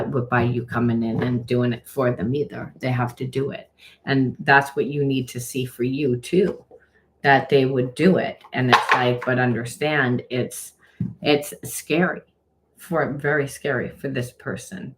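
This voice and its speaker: A woman's voice: a bass voice, a little hiss or hum, rough recording. A middle-aged woman talks her way through a tarot reading in a loose, casual flow. She is blunt and frank, piles up fillers and restarts, and swears now and then as she explains. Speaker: tarot reader and trauma coach.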